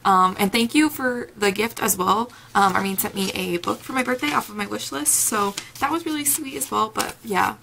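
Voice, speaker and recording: A woman's voice: mid-range voice, normal speed, gravelly, few pauses, pushed and bright, slight background noise. A young woman chatting casually in a reading vlog from home, giggly and gushing, on a camera mic. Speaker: book vlogger.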